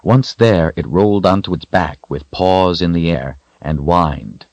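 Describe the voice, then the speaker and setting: A man narrating a fantasy audiobook in a steady, measured way. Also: sits low, dry recording, highs cut off. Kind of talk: scripted narration.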